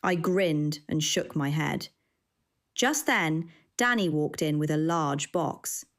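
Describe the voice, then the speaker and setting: Slow, low-voiced woman audiobook narrator. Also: expressive. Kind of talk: scripted first-person audiobook narration.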